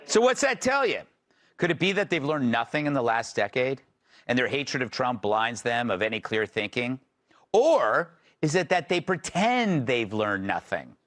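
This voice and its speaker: A man's voice: medium pitch, very animated, moderate pace, fairly bright tone. A man hosting a late night talk show, delivering a sarcastic monologue.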